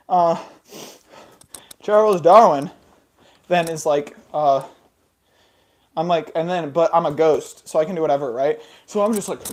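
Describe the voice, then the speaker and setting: A woman's voice: deep voice, darkish tone. A woman hosting, telling a rambling improvised comic story with giggles and silly sound effects. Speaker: host.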